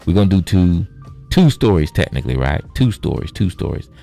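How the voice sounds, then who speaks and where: A man giving casual gameplay commentary with a low, gravelly voice. His pitch jumps around a lot as he jokes and swears. Soft music plays in the background. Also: a little fast. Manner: animated, joking and profane. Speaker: gaming vlogger.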